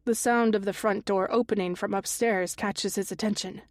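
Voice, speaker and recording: A woman narrating a first-person mystery audiobook in a measured, even voice. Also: medium pitch, dry recording, clean studio sound.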